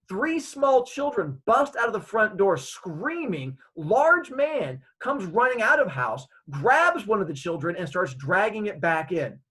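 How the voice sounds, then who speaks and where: Husky guy telling a funny childhood story, pitch jumps all over. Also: low-quality recording. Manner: animated, acting out scenes. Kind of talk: comedic personal storytelling.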